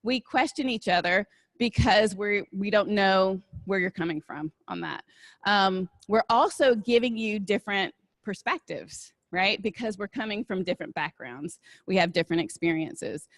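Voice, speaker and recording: Her Southern American accent carries a relaxed, conversational live talk with audience Q&A, delivered at normal speed. This diversity and inclusion speaker has a middle-pitched voice that sounds dry and close with no echo. She often asks "right?" to keep listeners with her.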